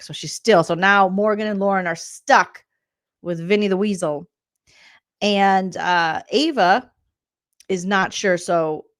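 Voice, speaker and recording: A woman comedian hosting a vlog, giving sassy, rambling recap commentary and slipping into quick impressions. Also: medium pitch. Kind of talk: comedic reality-show recap.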